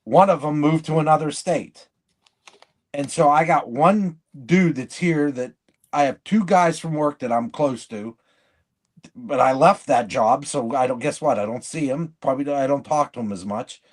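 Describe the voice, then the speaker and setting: A man with a slightly high voice talks in casual podcast chat. He is blunt and rambling, cutting himself off and restarting mid-sentence. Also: moderate pace. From living in Michigan. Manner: rambling, blunt, self-interrupting. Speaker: podcast co-host.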